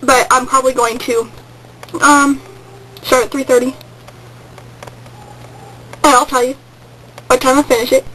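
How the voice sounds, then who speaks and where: A woman's voice: high voice, steady tone, a little slow, long pauses, noisy background. A teenage girl telling a rambling story on a home webcam vlog, hyper and jumping into sudden squeals. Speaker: vlogger. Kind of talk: casual excited vlog storytelling.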